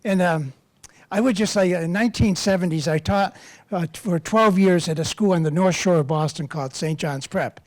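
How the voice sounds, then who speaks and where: Speaking at a normal speed in a voice that sits high, with no echo, an elderly priest who works as a campus minister rambles through funny stories at his own expense before a live audience.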